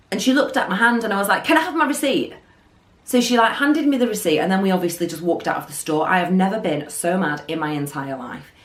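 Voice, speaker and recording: A woman telling an animated storytime vlog. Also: mid-range voice. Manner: animated storytelling, acting out quotes. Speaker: beauty vlogger. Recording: roomy echo.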